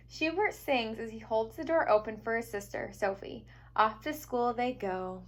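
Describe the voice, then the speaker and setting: A teacher reading a picture book aloud to young children, gentle and expressive. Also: female voice, on the high side, normal speed. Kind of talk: storybook read-aloud for children.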